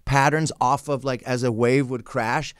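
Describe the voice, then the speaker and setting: A relaxed man in his forties chatting as a podcast guest, telling loose stories and swearing freely as he goes. His voice is smooth and resonant, and the recording is close and dry with no room sound. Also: medium pitch, dry recording. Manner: laid-back storyteller, swears freely, drawn-out phrases. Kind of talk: casual chat.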